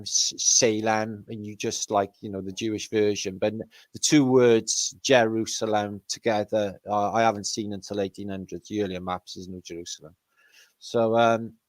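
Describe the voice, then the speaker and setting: A man's voice: lowish voice, no room sound. Rambling man on a dry mic. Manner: rambling, swearing, filler-heavy. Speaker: podcast host. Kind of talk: casual conversation.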